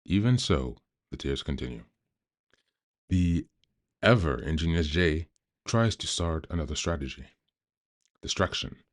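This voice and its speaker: Brief: male podcast host, extremely low bass voice, calm measured book reading.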